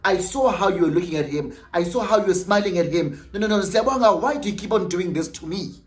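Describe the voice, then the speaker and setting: A man voicing a jealous, hurt young woman, shouting high and shrill at her boyfriend. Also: quick pace, roomy sound, natural voice.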